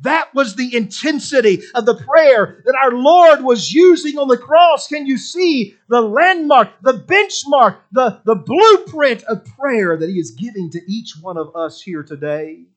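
A man preaches in an unusually high, ringing voice. He drives his points home with emphatic repetition. He jumps from near-shouted exclamations down to low, quiet asides. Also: lively intonation, unhurried, hardly any pauses. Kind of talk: sermon.

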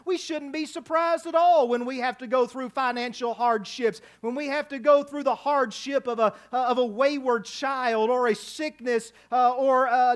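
A man preaching an evening sermon in a church, his delivery rising to loud, emphatic cries. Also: extremely high pitch. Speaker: pastor.

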